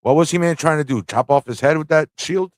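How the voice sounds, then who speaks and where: A man hosting a live comic review stream, excitable, laughing and slangy as he reacts. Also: a little high, a little fast, dry recording, studio quality. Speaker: host.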